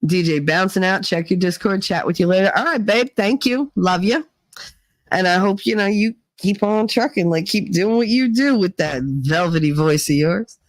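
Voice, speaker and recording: A woman from Northeast Pennsylvania hosting a livestream, chatting casually with her viewers and telling stories full of fillers and quick voice mimicry. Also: on the low side, dry recording, low-quality recording. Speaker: livestream host reading chat. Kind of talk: casual chat.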